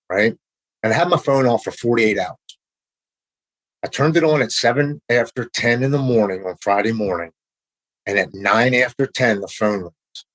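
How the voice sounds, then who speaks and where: A man's voice: on the low side, fairly bright tone, low-quality recording. A middle-aged man, a podcast guest, telling his personal recovery story candidly and with emotion, often dropping in "man.".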